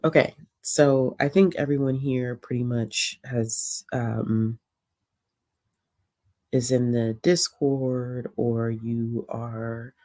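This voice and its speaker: A woman with an extremely low, darkish voice hosts a casual reading livestream from home. She chats easily, with frequent ums and laughter.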